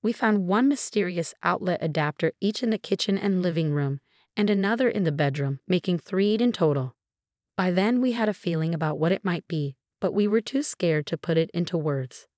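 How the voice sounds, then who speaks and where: A woman narrating a personal story in a scripted, steady way. Her voice sits on the low side for a woman. The recording is close and dry. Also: moderate pace, no echo.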